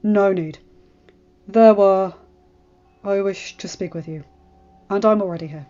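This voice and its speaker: A woman voicing a stern, grave lord and father who speaks in a measured, firm way. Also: mid-range voice, dark tone, muffled recording, faint music behind, lightly acted.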